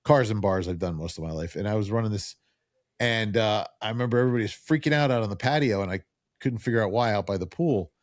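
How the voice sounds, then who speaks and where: Low-voiced animated storyteller from New Jersey. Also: male voice, quick pace, dry recording, studio quality. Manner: animated storyteller who acts out quoted voices. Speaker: podcast guest. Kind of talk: casual storytelling chat.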